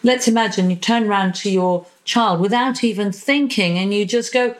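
A woman therapist talking as a podcast guest, animated, acting out little voices in her examples. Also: medium pitch, normal speed, poor audio. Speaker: psychosexual and relationship therapist, guest. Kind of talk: conversational podcast interview.

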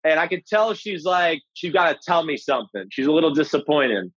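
Animated former quarterback telling a story. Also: male voice, a little high, a little fast, slightly rough, dry recording, dull audio. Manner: animated, profane, acts out quoted voices. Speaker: former NFL quarterback, podcast guest. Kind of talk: casual storytelling.

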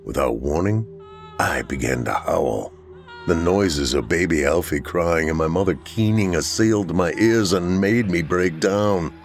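A man's voice: low-pitched, lively intonation, unhurried. A man narrating a first-person horror story in a dramatic way, acting out the frightened lines.

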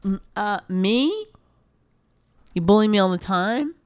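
A woman's voice: mid-range voice, unhurried, clean tone, dry recording. A woman co-hosting a podcast, bickering with her husband in a blunt, sarcastic way and swearing freely. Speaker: podcast co-host. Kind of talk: casual bickering chat.

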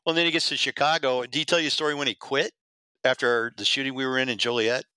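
A middle-aged man, a former undercover agent, telling animated and profane stories as a podcast guest. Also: mid-range voice, fast talker, smooth, no echo. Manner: animated, profane, acts out quotes. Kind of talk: casual storytelling.

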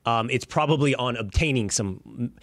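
A man hosting a podcast, speaking in a casual, halting way with many restarts. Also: medium pitch, dry recording. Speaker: podcast host. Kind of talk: casual interview chat.

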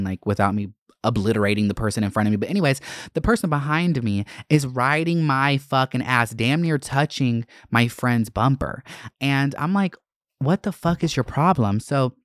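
A man hosts his own podcast and tells a story in a dramatic, foul-mouthed way. He throws his voice sharply upward for emphasis, in a middle-pitched register. The sound is dry and close. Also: dry recording. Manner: animated, profane, dramatic storytelling. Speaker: podcast host. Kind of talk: casual solo monologue.

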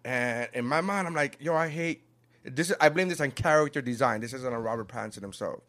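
A man in casual podcast chat, swearing a lot and acting out quotes with big shifts in loudness. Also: medium pitch, fast talker. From South Florida. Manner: animated, profane, acts out quotes.

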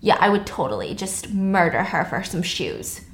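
A woman's voice: medium pitch, big pitch swings, moderate pace, voice pushed down. Lady doing a chatty young student girl, breezy and gossipy, echoey room.

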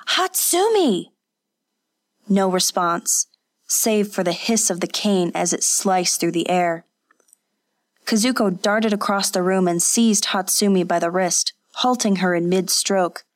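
Slow, measured woman narrator. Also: medium pitch. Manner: measured, unhurried. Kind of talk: audiobook narration.

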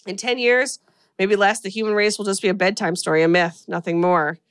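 A woman's voice: mid-range voice, steady tone, fairly quick, clear, resonant tone. A woman hosting a podcast, recapping a horror movie in casual chat and laughing often as she retells scenes. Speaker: podcast host.

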